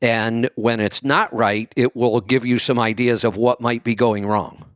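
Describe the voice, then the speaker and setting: A man's voice: medium pitch, steady tone, measured pace, a bit bright, dry recording, clean studio sound. A man hosting a call-in advice show, chatty and explaining at length. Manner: chatty, retells stories with acted quotes. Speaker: radio show host.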